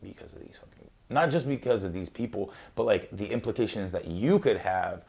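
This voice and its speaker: A man hosting a podcast in casual chat, an animated storyteller who acts out quotes, swears freely and laughs often. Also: fairly low pitch, a little fast, vocal fry. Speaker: podcast host.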